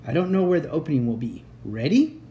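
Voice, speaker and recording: A man's voice: fairly high pitch, sing-song, fast talker, warm tone, slight background noise. A man voicing a brave young boy who leads a dragon escape, giving urgent orders. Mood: commanding. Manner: urgent, commanding.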